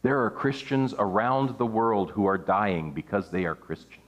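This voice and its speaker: A man preaching an earnest sermon, his pitch rising and falling for emphasis as he reads and explains scripture. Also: lively intonation, normal speed, dull audio.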